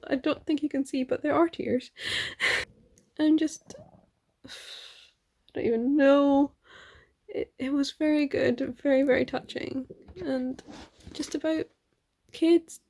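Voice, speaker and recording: A woman's voice: sits high, darkish tone. A young woman vlogging about her reading, chatty and gushing, with lots of fillers and little laughs. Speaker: book vlogger. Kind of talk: casual reading vlog.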